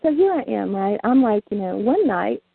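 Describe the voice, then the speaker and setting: A woman with a gravelly, husky voice tells bawdy stories candidly and laughs often. She comes through a tinny, dry phone line. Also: medium pitch, big pitch swings, normal speed, no echo. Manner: frank, bawdy storytelling with frequent laughter. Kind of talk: casual chat. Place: small southern town.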